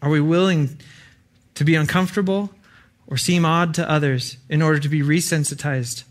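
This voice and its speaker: A man's voice: on the high side, fairly even intonation, moderate pace. A young adult man preaching an earnest, conversational sermon with frequent fillers.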